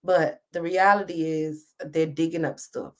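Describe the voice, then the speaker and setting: A woman's voice: low voice, steady tone, unhurried. A woman, hosting a live stream and talking to her viewers in an impassioned, preachy way, close to tears. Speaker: host reading live comments. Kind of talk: emotional live-stream commentary.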